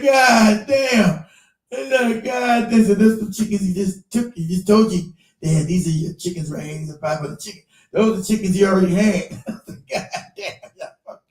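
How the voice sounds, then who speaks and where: Host, male, high and animated, profane storyteller, mic a bit off in a roomy space. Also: distant mic. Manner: profane, laughing, animated retelling with quoted voices. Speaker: show host. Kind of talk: casual storytelling chat.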